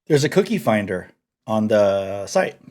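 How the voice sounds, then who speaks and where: A man's voice: fairly low pitch, measured pace. Brief: easygoing male co-host who rambles and jokes in casual stream chat. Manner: relaxed, rambling and joking.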